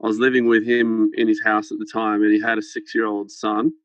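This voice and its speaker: A man's voice: on the low side, completely flat delivery, brisk, dry recording, low-quality recording. A man guest on a podcast, telling a rambling, swear-filled anecdote in casual chat over a phone held close to his head. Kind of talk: casual storytelling. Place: farmhouse.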